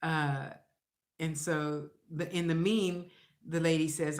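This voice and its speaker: A middle-aged woman vlogger speaks straight to camera in a casual monologue, blunt, rambling and animated, cursing freely and acting out other people's lines. Her voice is low-pitched and a little slow, and the room echoes.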